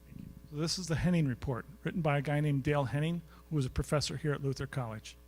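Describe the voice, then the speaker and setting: A man's voice: fairly high pitch, fast, darkish tone. Chatty man telling stories on stage. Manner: chatty, anecdotal, quizzes the audience. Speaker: guest speaker. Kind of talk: storytelling lecture to a live audience. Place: college recital hall.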